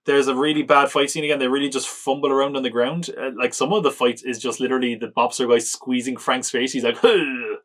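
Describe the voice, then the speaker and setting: Talking fast with few pauses, a podcast host reviews a film in a medium-pitched, level, slightly bright voice. His manner is loose and joking: chatty, mocking, full of "like," and punctuated by frequent chuckles.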